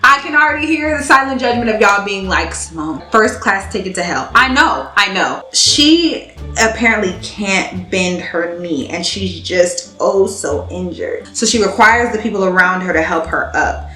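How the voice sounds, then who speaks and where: A young woman tells a dramatic storytime in casual slang, with a bright voice that keeps climbing as the story builds. The room around her has a noticeable echo. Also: medium pitch, lively intonation, moderate pace. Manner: dramatic, slangy, laughs while telling. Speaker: vlogger telling a story. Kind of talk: animated storytime.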